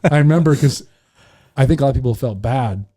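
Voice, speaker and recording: Man, very dark mellow voice, dry close mic, casual podcast storytelling. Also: mid-range voice, brisk, no echo. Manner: animated storyteller acting out voices. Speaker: fishing guide.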